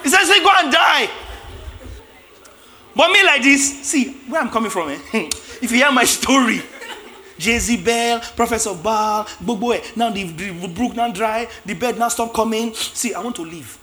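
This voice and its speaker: A man preaching a lively sermon, acting out biblical characters with shouts and laughs. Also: high-pitched, moderate pace, a little hiss or hum.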